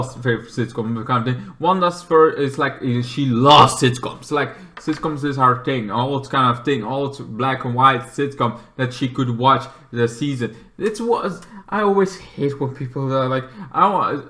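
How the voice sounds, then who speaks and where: A man casually reviewing a TV episode, rambling with lots of filler phrases and sudden animated outbursts. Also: medium pitch. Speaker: show reviewer.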